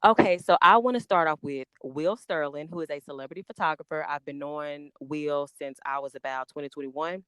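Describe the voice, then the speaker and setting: A woman chats eagerly on a podcast, her words tumbling out in excitement. Her voice is smooth and clear, recorded close in a dry space. She slows down to spell names letter by letter. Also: low voice, dry recording. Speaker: podcast guest, makeup artist. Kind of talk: casual podcast chat.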